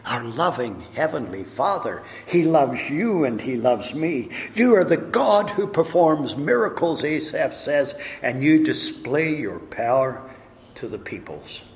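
A man's voice: fairly high pitch, very animated, measured pace. A man preaching a sermon, telling stories earnestly with rising and falling emphasis. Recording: long echo of a large hall.

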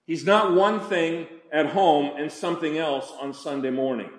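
An older man preaching a sermon, deliberate and slowing down, his voice dropping for emphasis. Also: a little high, roomy sound. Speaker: pastor.

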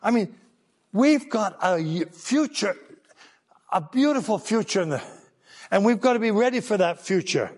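A man's voice: high voice, a little slow, pauses often, in a large hall. An older man preaching a children's sermon, telling stories and acting out voices. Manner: animated storytelling, acting out voices.

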